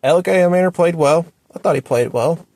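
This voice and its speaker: A man ranting at home about his football team, exasperated and repeating himself. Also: normal speed. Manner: exasperated, repetitive ranting with sharp swings up and down in pitch. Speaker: sports fan commentator. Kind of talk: ranting sports opinion video.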